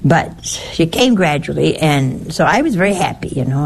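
An older woman, a nun, telling a personal story in a halting way, repeating words and adding chatty asides. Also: deep voice, big pitch swings, gravelly, husky.

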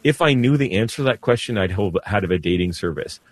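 A male priest with a low-pitched voice, answering callers on a radio show in an easygoing, conversational way. He often circles back and restarts his sentences mid-thought. The studio sound is dry and close. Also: lively intonation, fairly quick, no room sound. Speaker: Catholic priest hosting a call-in radio show. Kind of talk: call-in advice talk.

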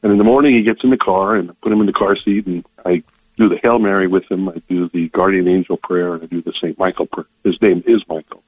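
A man's voice: deep voice, steady tone, a little mellow, breathy edge, no echo. Older man calling in on a tinny phone line. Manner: halting, emotional, many restarts. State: tearing up. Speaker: caller. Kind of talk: call-in testimony.

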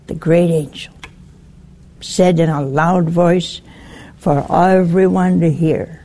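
Slow, emphatic woman preaching a sermon. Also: medium pitch, a little mellow.

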